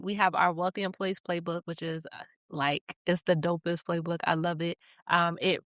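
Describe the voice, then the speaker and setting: A woman's voice: on the low side, a bit bright, dry recording, clean studio sound. A woman guest on a faith podcast, talking casually and upbeat, often laughing and repeating points for emphasis. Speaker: guest, business founder. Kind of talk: casual interview chat.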